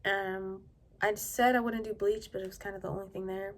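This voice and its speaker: Soft-spoken woman rambling through a story. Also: medium pitch, little pitch movement, brisk, a little hiss or hum. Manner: often drops to a hushed, quiet delivery. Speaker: vlogger telling her own story. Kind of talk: casual storytime vlog.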